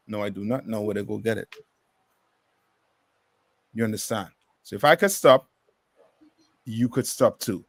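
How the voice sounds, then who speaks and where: A man's voice: lowish voice, a little slow, pauses often, no echo. A man teaching a bible class in a preaching style, emphatic and full of rhetorical questions.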